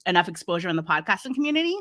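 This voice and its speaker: A woman from Massachusetts with a Massachusetts accent, chatting as an interview guest, a lively storyteller who laughs often and acts out quotes. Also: fairly low pitch, rapid-fire. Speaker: podcast host and guest. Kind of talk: casual interview chat.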